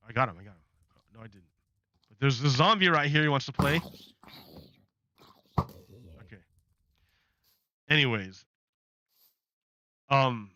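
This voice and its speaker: A man's voice: mid-range voice, sharp tone, no room sound, muffled recording. A man giving chatty, sarcastic commentary while playing a game, often restarting sentences. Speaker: gaming channel host.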